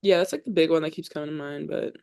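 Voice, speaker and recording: A young woman talks fast in a low, steady voice that is warm yet creaky. She's a college volleyball player on a podcast as a guest, speaking earnestly and informally about her faith while using "like" a great deal.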